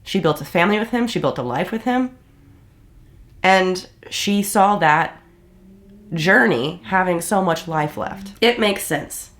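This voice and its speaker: A woman's voice: on the low side, animated, a little slow, fairly bright tone. A woman giving heated, blunt reaction commentary and swearing often. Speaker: commentary host.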